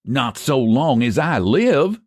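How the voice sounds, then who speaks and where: A man voicing a stubborn, quick-tempered older rural pie seller with a rural American dialect and a folksy drawl. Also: mid-range voice, big pitch swings, no echo, studio quality, voice pushed up. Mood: gruff. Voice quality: folksy drawl, old-fashioned country grammar.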